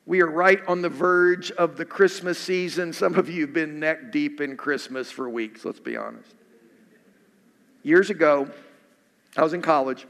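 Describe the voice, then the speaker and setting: A man's voice: a little high, unhurried, fairly bright tone. A male pastor preaching a sermon in an earnest way, repeating questions for emphasis. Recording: echoey hall.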